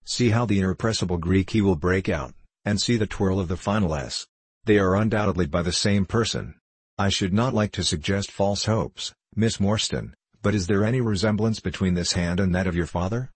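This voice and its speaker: A man reading the part of a cool, reasoning detective, with a precise, measured, detached delivery. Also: sits low, slightly rough, dry recording. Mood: brisk. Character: cool, reasoning male detective, middle-aged.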